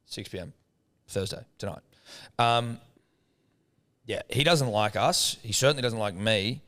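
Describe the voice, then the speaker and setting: A young Australian man co-hosting a casual comedy podcast, telling animated, profane stories and acting out the people in them. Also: on the low side, a little slow. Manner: animated, profane storytelling with acted quotes. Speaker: podcast co-host.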